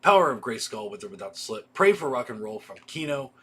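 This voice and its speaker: A man's voice: mid-range voice, very animated, fast talker, a bit bright, husky. A man hosting a casual livestream, reading off a list of titles with offhand asides. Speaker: video store host. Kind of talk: casual livestream product rundown.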